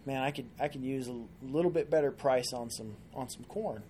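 A man's voice: medium pitch, a little fast, warm tone, a little hiss or hum, lightly acted. A man doing a plain-spoken joke farmer. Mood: musing.

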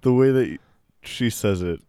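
A podcast co-host with a lowish, slightly slow male voice chats casually and reacts to clips. He's animated and profane, swearing heavily and laughing a lot.

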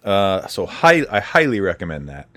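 A man's voice: deep voice, very animated, normal speed, fairly bright tone, dry recording. A man in a casual podcast chat, eagerly recommending shows and games. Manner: enthusiastic recommender.

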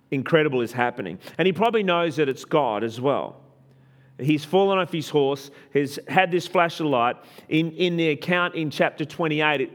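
Man, pastor, conversational sermon, slightly high voice, restarts and repeats words, emphatic.

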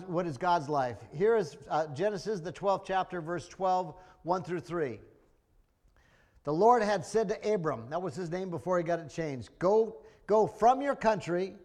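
A middle-aged man preaching a sermon, earnest and emotional, often restarting his sentences. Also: sits high.

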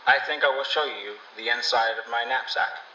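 A wry, mocking wanderer who talks dryly and bluntly in a storybook tale, as a male reader voices him. His tone is bright and sharp, lifted a little above the reader's own, heard from a distance in an echoey room. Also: medium pitch, moderate pace, lo-fi sound, a little hiss or hum. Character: wry, mocking wandering dream-seller man.

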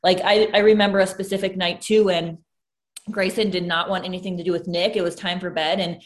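A woman's voice: on the low side, flat delivery, a little fast. A young woman speaking candidly in a casual conversation, open and emotional as she recalls early motherhood. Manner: candid, emotional, tearful at times.

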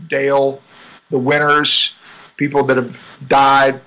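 A man, a racing driver talking casually in an interview, chatty and quick to laugh. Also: medium pitch, rough recording. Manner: chatty, laughs often, animated asides.

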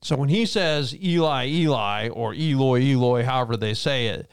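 A man's voice: medium pitch, moderate pace, clear, resonant tone, no room sound. A man who is a pastor, hosting a casual faith podcast in a chatty, rambling, joking way.

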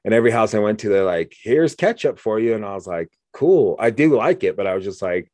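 A man's voice: fairly low pitch, racing, a little mellow, dry recording. An American man chatting casually as a podcast host, a jokey storyteller who acts out the voices he quotes. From United States. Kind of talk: casual conversation.

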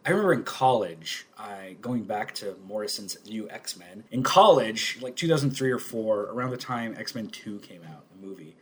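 Podcast co-host, male, animated, laughs a lot between points. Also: on the low side, moderate pace, few pauses, breathy edge. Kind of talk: casual chat.

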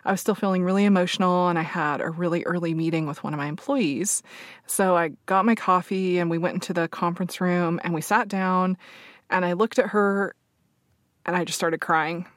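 A woman telling a personal story in an open, reflective way, filling pauses with soft fillers and close to tears. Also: on the low side, steady tone, no echo. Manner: open and reflective, many fillers, laughs softly. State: emotional, near tears.

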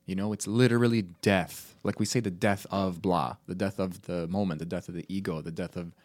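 A man's voice: sits low, steady tone, fairly quick, a little mellow, dry recording. A man co-hosting a podcast in casual chat, loose and self-mocking, swearing freely. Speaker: podcast co-host.

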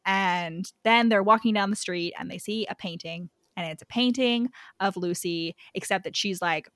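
A woman co-hosting a podcast, casually recapping a book in a lively way and acting out the characters' lines with big jumps in pitch. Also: normal speed, no room sound, studio quality. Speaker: podcast co-host.

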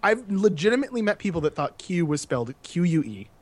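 A man co-hosting a gaming podcast, joking and teasing, with a fairly high voice that swings up and down a lot. The sound is close and dry. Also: very animated, fast, no room sound. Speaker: podcast co-host. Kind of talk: casual gaming podcast banter.

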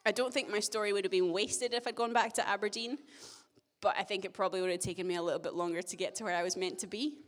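A woman's voice: medium pitch, steady tone, quick pace. Young woman preaching in reverberant hall. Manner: chatty, self-deprecating storytelling with humor. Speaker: church speaker. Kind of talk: sermon with personal story. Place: church hall. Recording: long church-hall reverb.

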